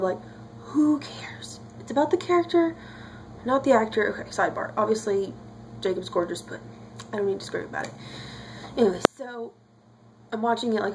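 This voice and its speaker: Young woman vlogging her reaction, gushy and chatty, lots of likes, slight background hum. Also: medium pitch. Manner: chatty and emotional, lots of fillers. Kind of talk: casual reaction vlog.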